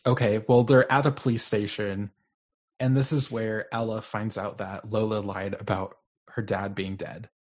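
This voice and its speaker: A man's voice: lowish voice, fairly even intonation, moderate pace, a little mellow. A man co-hosting a podcast, casually recapping a film's plot in a dry, matter-of-fact way. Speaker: podcast co-host.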